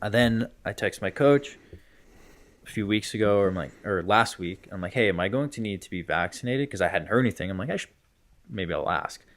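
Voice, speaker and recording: رجل شاب يحكي قصة بأسلوب متشعب، صوت منخفض قليلاً. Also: male voice, fairly low pitch, fairly quick. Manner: rambling storyteller, many fillers like "whatever" and "blah, blah". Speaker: podcast co-host, hockey player. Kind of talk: casual podcast chat.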